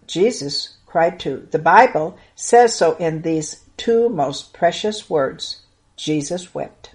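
A woman telling a Bible story to children, earnest and expressive, lingering on the moving parts. Her voice sits somewhat low for a woman. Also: takes it slowly.

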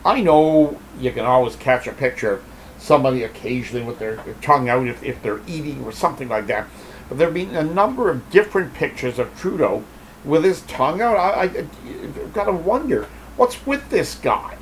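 Halting male talk host, full of fillers. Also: a little high, sing-song, a little hiss or hum, rough recording. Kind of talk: casual commentary and reading aloud.

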